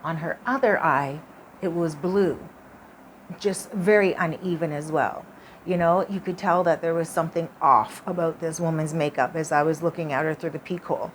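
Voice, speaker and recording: A woman's voice: sits low, steady tone, normal speed, slight background noise. A woman vlogger telling a personal story in a chatty, casual way, full of "like" and "you know".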